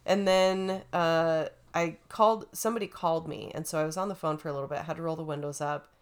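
A woman telling a story in a casual chat, animated and acting out the quotes. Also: sits low, brisk, clean tone.

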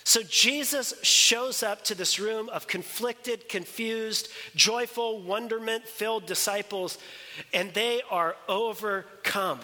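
A man's voice: high-pitched, slow, sharp tone. A man preaching a sermon as pastor, emphatic and conversational, with joking asides. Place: church sanctuary. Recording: long reverb of a church hall.

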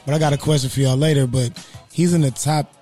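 A man's voice: medium pitch, steady tone, fast, warm tone, faint music behind. Blunt man pressing his point. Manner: blunt and insistent, repeats himself. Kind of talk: casual sports debate.

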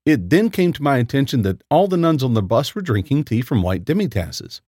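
A man narrating a first-person horror story in a lively, expressive storytelling voice. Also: medium pitch, brisk, no room sound, clean studio sound. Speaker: story reader.

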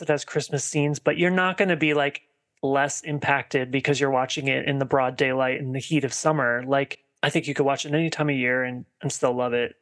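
Rambling higher-voiced man. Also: a bit bright. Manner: rambling, heavy on filler "like" and restarts. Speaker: podcast co-host. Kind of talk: casual film discussion.

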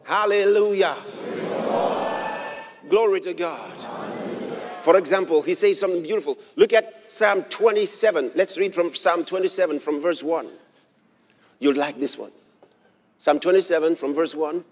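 A man preaching a sermon, reading scripture aloud and repeating key phrases with emphasis, sometimes bursting into shouts. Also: a little high, moderate pace, pauses often. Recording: long hall reverb.

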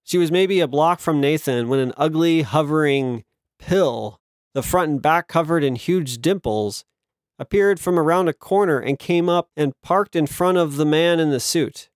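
A male narrator reading a novel in steady, measured storytelling. His voice sits a bit high for a man. The recording is dry and close, with no room sound. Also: no echo. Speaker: audiobook narrator. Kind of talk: scripted narration.

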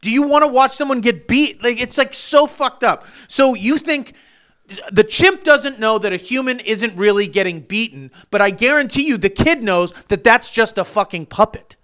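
A man's voice: sits high, bright, forceful tone. A man co-hosting a comedy podcast, ranting with constant swearing and restarts. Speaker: podcast co-host. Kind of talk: profane comedic podcast rant.

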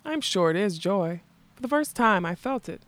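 A woman reading the lines of a mad, possessive old king, soft and menacing in turn. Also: medium pitch, lively intonation, moderate pace, close to an everyday voice. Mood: rapt. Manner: soft and menacing, turning fierce and childlike.

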